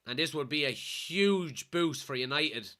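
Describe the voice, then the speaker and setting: An Irish man from Kilkenny with a blocked nose from a cold, excitedly commenting live on a football match and reading out chat messages as a watchalong streamer. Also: a little high, a little slow. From Kilkenny, Ireland. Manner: excitable, shouts at players and referee.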